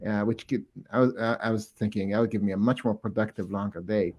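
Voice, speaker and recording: A man co-hosting a talk show, asking questions in a relaxed, curious, rambling way. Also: lowish voice, fast, breathy edge. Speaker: co-host. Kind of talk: casual interview chat.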